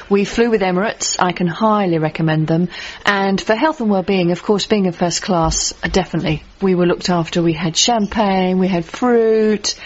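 Enthusiastic woman field reporter, slightly low voice, dull lo-fi recording. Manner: bubbly, enthusiastic, exaggerated. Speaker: roaming reporter. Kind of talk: upbeat recorded travel report.

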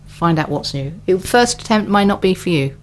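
A woman's voice: lowish voice, lively intonation, brisk. A woman co-presenting a radio chat show, speaking in a plain, practical and encouraging way. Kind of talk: casual studio chat.

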